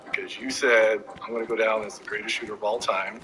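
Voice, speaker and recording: A man opening a sports interview in an excited, upbeat way. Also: fairly low pitch, quick pace, rough recording. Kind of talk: broadcast interview intro.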